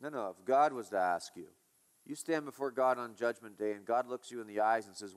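A man's voice: mid-range voice, brisk. A male pastor preaching a sermon, emphatic and repetitive, asking his listeners rhetorical questions.

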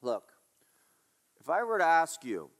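A man's voice: on the high side, very animated, measured pace, fairly bright tone. A male pastor preaching a sermon, emphatic and repetitive, asking his listeners rhetorical questions.

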